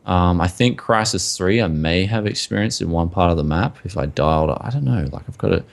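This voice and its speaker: A man's voice: low-pitched, a little fast, creaky. A man co-hosting a casual tech podcast who rambles and fills his talk with "like" and "man". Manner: rambling, full of likes and mans. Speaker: podcast co-host.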